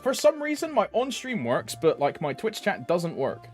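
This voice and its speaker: A man's voice: high voice, wildly swooping pitch, moderate pace, soft background music. A young man streaming a game, greeting chat by name, with frequent laughs and slangy banter. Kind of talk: casual live-stream chat.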